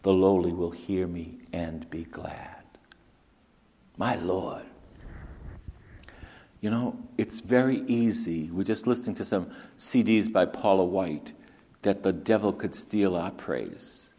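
A male preacher delivers a slow sermon in a low, gravelly voice. He repeats his phrases and sinks into whispers to press a point. A long reverb from the hall hangs behind him. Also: a little mellow. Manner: slow and repetitive, dropping to whispers for emphasis.

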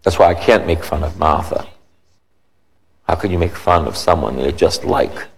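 A man preaching a sermon in an animated way, with his voice jumping high when he retells scenes. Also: normal speed, husky. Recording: long reverb in a large hall.

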